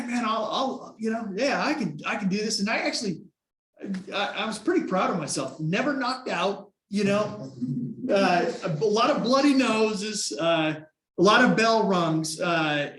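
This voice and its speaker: Animated high-voiced man in an echoey room. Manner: animated storyteller, acts out his own past thoughts. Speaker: team leader. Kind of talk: motivational talk.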